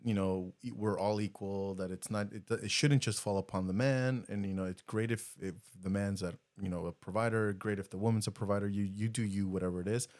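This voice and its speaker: A middle-aged man co-hosting a casual podcast, talking earnestly with halting restarts and repeated words. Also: lowish voice, steady tone, darkish tone. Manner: earnest, halting, repeats words, laughs when getting emotional. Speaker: podcast co-host.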